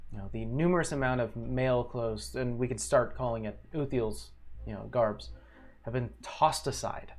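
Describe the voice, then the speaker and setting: A man running a tabletop game as game master, narrating scenes in a relaxed, rambling way with many fillers. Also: medium pitch.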